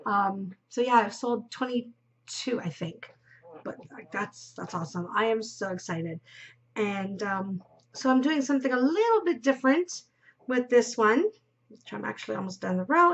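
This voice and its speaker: A woman with a mid-range, creaky, slightly bright voice hosts a knitting podcast, chatting casually and rambling while she knits. She giggles, drops into murmurs, and yawns now and then, captured on a dull lo-fi recording.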